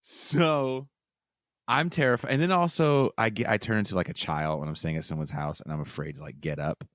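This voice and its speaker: A man hosting a podcast, telling a story in casual chat, animated and swearing freely with self-mocking humor. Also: fairly low pitch, a little fast, dry recording, clean studio sound. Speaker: podcast host.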